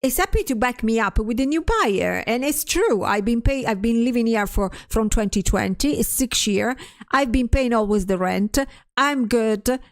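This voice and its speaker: A woman's voice: fairly high pitch, expressive, normal speed. A stressed woman streamer in casual livestream chat, ranting, swearing often and restarting her sentences as she reads chat aloud.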